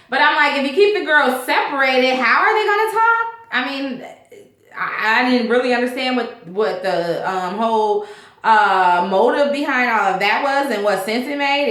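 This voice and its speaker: A woman's voice: on the high side, a bit bright, reverberant. A woman vlogger giving a casual, sassy and candid recap of a reality show episode, talking straight to her viewers.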